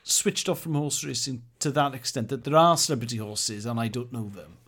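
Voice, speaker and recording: Gravelly-voiced podcast man, musing. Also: mid-range voice, steady tone, brisk, fairly bright tone. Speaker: podcast co-host. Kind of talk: casual chat.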